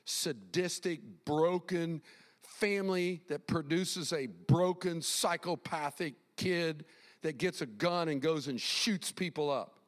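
A man preaching a sermon as pastor, emphatic and animated, repeating phrases as he builds his point. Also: on the high side, slow, in a large hall. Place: church sanctuary.

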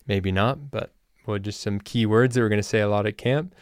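A man hosting a language-learning podcast, explaining things in a relaxed, casual way with loose fillers. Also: fairly low pitch, normal speed, smooth, no echo, studio quality. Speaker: language teacher and podcast host. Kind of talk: casual spoken lesson.

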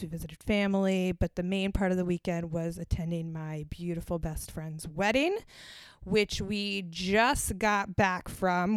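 A woman's voice: medium pitch, a bit bright, clear, resonant tone, dry recording. Chatty, profane young woman podcast host. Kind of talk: casual solo podcast chat.

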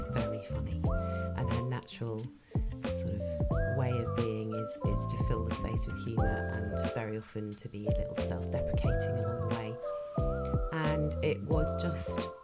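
A woman host introduces the next storyteller, measured and thoughtful. Her voice sits very low and moves widely in pitch. Loud music plays under her. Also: wildly swooping pitch. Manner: measured, thoughtful, ends in a hush. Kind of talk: warm spoken introduction.

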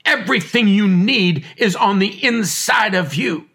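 A man's voice: high voice, a little slow, pushed and bright, slightly rough. A man preaching a sermon with fervent, repetitive cadence.

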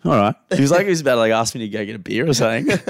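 A young man in his twenties, co-hosting a podcast and telling a funny story in casual chat, animated and laughing as he goes. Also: mid-range voice, very fast, no echo. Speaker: podcast co-host.

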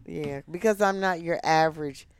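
A woman in her seventies, a guest in casual podcast chat, recalling family holidays in a calm, matter-of-fact way. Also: deep voice, moderate pace, smooth, no room sound. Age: 70s. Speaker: podcast guest, mother of the host.

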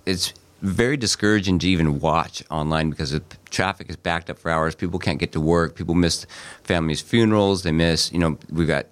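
A man's voice: low voice, brisk, smooth. A man co-hosting a legal talk show in a studio, explaining his concern earnestly in casual chat. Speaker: attorney and podcast co-host.

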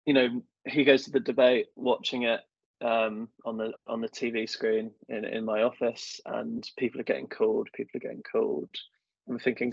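A young man in government affairs, guesting on a podcast, tells casual, self-deprecating stories thick with fillers. His medium-pitched voice stays level at a moderate pace, gravelly and slightly rough, over a dull, dry lo-fi recording.

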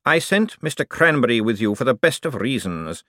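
A man reading an audiobook, voicing a calm male schemer who speaks softly and condescendingly, with a kindly tone that hides menace. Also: mid-range voice, moderate pace, dry recording, studio quality. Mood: smoothly kind. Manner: soft, smooth and condescending. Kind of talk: audiobook character voice.

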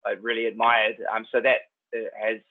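A man's voice: fairly low pitch, monotone, a little fast. Laid-back Kiwi man on a tinny line. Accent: New Zealand. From New Zealand. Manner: laid-back, rambling, says "man" and "like" a lot. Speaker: actor, guest. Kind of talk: casual chat.

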